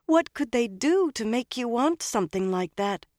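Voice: medium pitch, lively intonation, normal speed, a little mellow, no echo, studio quality, pitched above the performer's own voice, natural voice. An audiobook narrator voicing an earnest young noblewoman who exclaims in alarm. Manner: hesitant, then exclaiming.

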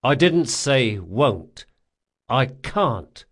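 A man puts on a wily young thief with a sardonic bite, pitched a touch higher than the narration. His retorts come quick and dry, with plenty of swing in the pitch. It is a stubborn rogue from an audiobook. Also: very animated, fairly bright tone, heavily acted. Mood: defiant wry. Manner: wry, quick-witted retorts. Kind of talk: audiobook character voice.

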